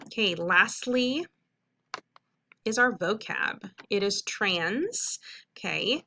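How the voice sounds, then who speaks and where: A woman teacher giving a recorded phonics lesson to students, speaking in a clear, patient, instructive way and slowly stretching out sounds. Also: fairly low pitch, expressive, bright, forceful tone.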